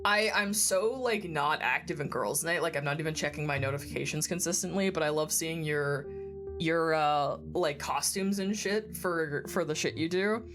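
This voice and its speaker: This female streamer has a deep but fairly bright voice and speaks at a moderate pace during casual gaming chat. Frequent giggles and free swearing come through a phlegmy, congested throat, with game music in the background.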